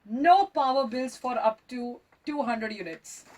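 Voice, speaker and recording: A woman radio host, chatting warmly in a casual interview and exclaiming often. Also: a little high, expressive, unhurried, recorded from a distance, a little hiss or hum, poor audio. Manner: effusive, exclaims and laughs often.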